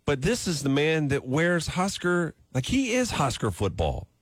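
Morning radio guy, jokey banter, pitch all over the place, dry studio sound. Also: a little slow, dry recording. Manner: lively, joking, trails off and restarts. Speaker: radio morning show host.

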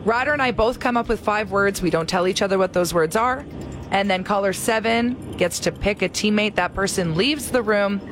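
A woman's voice: medium pitch, moderate pace. Bubbly female morning radio co-host, mid-range voice, music under her. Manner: bubbly, laughs often.

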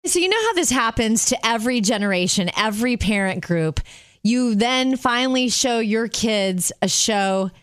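A woman's voice: on the high side, animated, normal speed, clear, resonant tone, no room sound, clean studio sound. A woman co-hosting a faith radio show, chatty and teasing in casual talk. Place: radio studio.

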